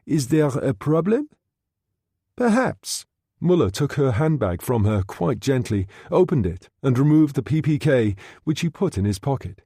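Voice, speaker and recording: A man reading a thriller audiobook in a steady, measured narration. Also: mid-range voice, husky, dry recording, studio quality. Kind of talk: scripted narration.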